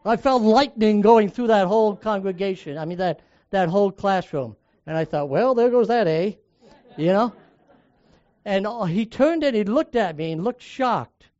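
An older man from the United States preaches in a fairly high voice, spinning personal stories and leaning hard into some lines while dropping others low. The recording is dry and a little muffled, with no room sound. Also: animated, moderate pace, darkish tone, no room sound. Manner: conversational storytelling, varies volume for emphasis. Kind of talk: sermon with personal story.

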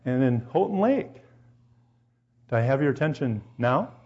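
A medium-pitched male preacher addresses a congregation in a church hall at a moderate pace, with lo-fi sound quality. Animated in delivery, he recounts personal stories and directs question after question at his audience.

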